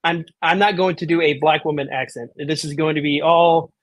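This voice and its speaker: A man's voice: on the high side, steady tone, moderate pace, dry recording. Profane, rambling podcast co-host man. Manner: rambling, profane, self-mocking. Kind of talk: casual chat.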